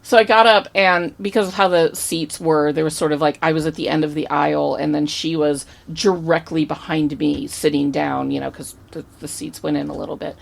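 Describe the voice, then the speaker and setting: This is a woman co-hosting a relaxed podcast, spinning an anecdote with lots of energy and the odd swear word. Her voice sits on the low side and has a gravelly, fry-edged texture. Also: a little fast, few pauses. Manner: animated, chatty, swears casually. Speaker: podcast co-host. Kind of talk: casual podcast storytelling.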